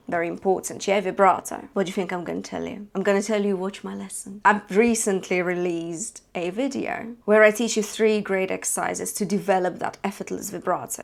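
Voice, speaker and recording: A woman leads an online vocal lesson at a mid-range pitch. She talks through singing techniques and slips into brief sung examples to show each one. She often checks in with her listener by asking "yeah?". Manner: explains and sings short demos, checks in with "yeah?". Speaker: singing teacher.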